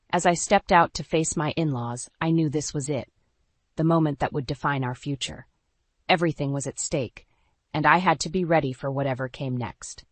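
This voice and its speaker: A woman tells a dramatic story in the first person, earnest and steady. Her voice sits low, and the recording is close and dry, with no room around it. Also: normal speed, no echo. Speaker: narrator.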